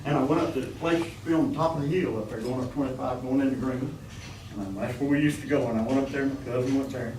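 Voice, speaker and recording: A man's voice: mid-range voice, fast talker, recorded from a distance, noisy background. A man preaching a folksy sermon, calling out for amens from the congregation. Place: church. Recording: echoey church room, mic from afar.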